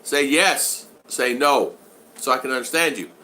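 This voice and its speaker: Older man, bright rambling chat. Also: mid-range voice, measured pace. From United States. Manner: rambling, reads out viewer comments. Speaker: vlog host. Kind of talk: casual live-stream chat.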